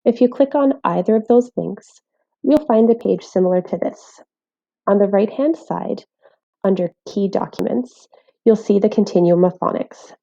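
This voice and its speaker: Woman, phonics teacher, very mellow voice, careful and clear, dull lo-fi recording. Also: medium pitch, moderate pace. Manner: clear, careful, sounding out letters. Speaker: literacy teacher. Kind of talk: scripted instructional voice-over.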